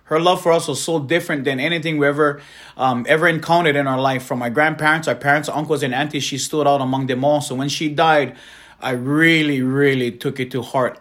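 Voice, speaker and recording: A man's voice: medium pitch, fairly bright tone. A man from Hawaii, an evangelist telling his personal testimony in an earnest, heartfelt way.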